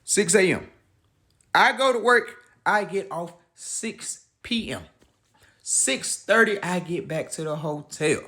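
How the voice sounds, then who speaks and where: A man's voice: sits high, animated, slow pace, bright, forceful tone. A man casually telling a personal story, retelling the dialogue in a conversational way.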